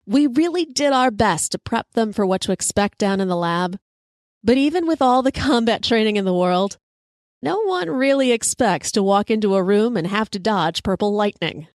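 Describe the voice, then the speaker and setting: A woman hosting a podcast, telling a personal story in a lively, conversational way. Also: medium pitch, normal speed, dry recording. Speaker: podcast host. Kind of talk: storytelling monologue.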